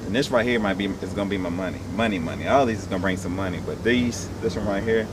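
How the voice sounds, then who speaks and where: A man's voice: deep voice, fast talker, noisy background. A young man casually talking through his resale haul in a laid-back, rambling, slangy way. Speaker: online reseller showing his haul.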